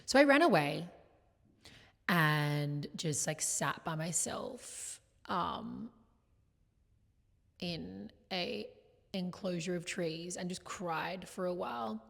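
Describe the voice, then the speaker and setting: A young woman vlogger telling a personal story in a chatty confessional way, full of "like" fillers, swinging between loud and hushed. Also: lowish voice, lively intonation, takes it slowly, gravelly, pauses often. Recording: long hall reverb.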